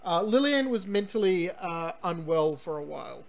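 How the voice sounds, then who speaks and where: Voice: mid-range voice, very animated, normal speed, gravelly. A game streamer giving rambling, chatty let's-play commentary, full of ums and restarts, sometimes reading on-screen text aloud.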